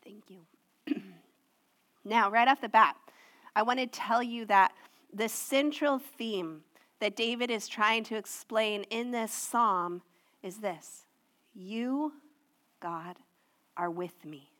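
A woman preaching a sermon, earnest and personal, slowing and softening when she reads scripture aloud. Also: a little high. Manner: slows and softens to read scripture.

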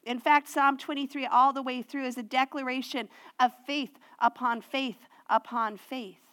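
A woman preaching a sermon, earnest and personal, slowing and softening when she reads scripture aloud. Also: sits high, fairly even intonation. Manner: slows and softens to read scripture.

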